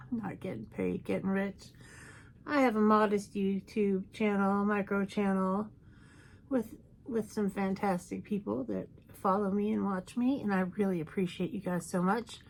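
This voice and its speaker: A woman's voice: mid-range voice, steady tone, moderate pace, gravelly, slight background noise. A woman chatting casually through a makeup tutorial, playful and self-mocking. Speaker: makeup YouTuber.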